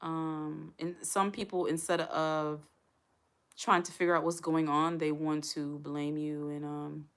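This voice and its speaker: A woman's voice: deep voice, level tone, a little slow, clean tone. A woman hosting a casual livestream, chatting to her viewers in an emotional, talkative way and close to tears. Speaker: livestream host.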